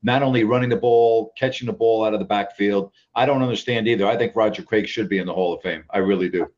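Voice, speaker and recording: A man's voice: on the low side, fast, a little mellow, muffled recording. A man hosting a call-in sports talk show, talking emphatically, often repeating himself and checking in with "all right?".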